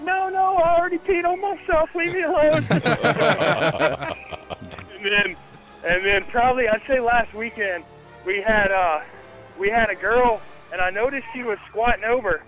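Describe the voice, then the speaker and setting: A man's voice: high voice, pushed and bright, lo-fi sound. A man calling in live from a haunted attraction, telling stories in a loose, rambling way. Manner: rambling, laid-back storytelling. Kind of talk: casual live field report.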